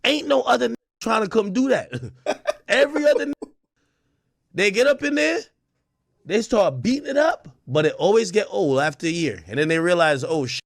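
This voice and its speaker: A man ranting casually about dating in animated slang. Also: high-pitched, normal speed, gravelly, long pauses, dry recording, clean studio sound. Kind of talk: casual rant in a clip.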